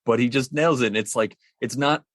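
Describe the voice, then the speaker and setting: A man's voice: medium pitch, a little fast, no echo, studio quality. A man co-hosting a podcast, talking casually in a rambling, hesitant way with frequent restarts. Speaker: podcast co-host.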